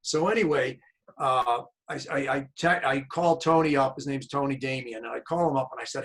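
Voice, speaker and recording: A man's voice: medium pitch, a little fast, low-quality recording. A man hosting an interview as a tennis coach, chatty and telling anecdotes over a video call. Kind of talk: casual interview chat.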